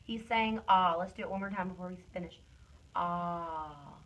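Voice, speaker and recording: A woman's voice: medium pitch, fairly even intonation, fairly bright tone, lo-fi sound. Woman teacher doing phonics one on one, drags out the sounds, says very good a lot, phone cam audio. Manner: slow, drawn-out modeling of sounds and words; encouraging praise. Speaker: reading teacher. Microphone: phone camera.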